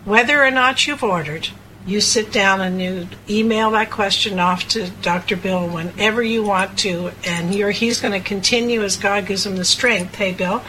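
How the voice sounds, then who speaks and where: A woman's voice: mid-range voice, normal speed, sharp tone, slight background noise, poor audio. Emotional rambling female radio co-host. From Cape Breton, Nova Scotia, Canada. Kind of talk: casual radio talk.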